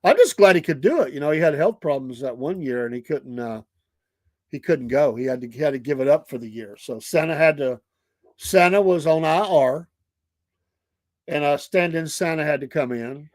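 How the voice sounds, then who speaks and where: A man's voice: fairly high pitch, normal speed, no echo. A middle-aged man with a Southern US accent, hosting a casual talk show and telling stories with laughter and acted-out voices. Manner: animated, laughing storyteller who acts out quoted voices. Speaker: podcast host. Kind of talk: casual storytelling chat.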